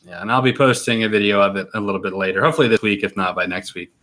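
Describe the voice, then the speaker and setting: A young man hosting a casual livestream from home, opening fan mail and warmly thanking viewers one by one. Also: on the low side, rapid-fire. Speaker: YouTube reaction channel host.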